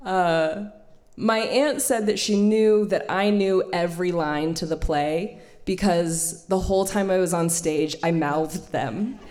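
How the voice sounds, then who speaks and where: A woman in her thirties hosting a live storytelling night, telling a personal story to an audience in a chatty way, laughing often and filling pauses. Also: lowish voice, a little mellow. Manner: chatty, laughing, many fillers. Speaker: storytelling event host and storyteller.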